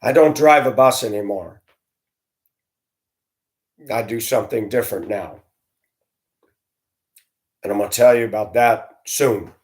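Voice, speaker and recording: A man's voice: on the low side, unhurried, pauses often. A middle-aged man, a former school bus driver, telling a personal story in a conversational way and speaking straight to his listeners. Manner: conversational, addresses listeners directly, acts out dialogue in his telling.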